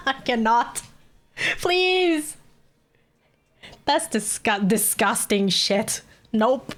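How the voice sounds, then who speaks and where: Giggly Australian woman streamer, slow-talking. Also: fairly high pitch, lively intonation. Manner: giggly, laughs constantly, swears freely. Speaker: livestreamer. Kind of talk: casual live-stream chat.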